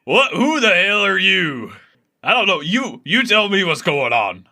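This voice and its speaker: A man's voice: high voice, very animated, measured pace, pushed and bright, voice pushed up, heavily acted. A man voicing a folksy, rambling male plasmoid blob who captains a ship. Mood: blustery.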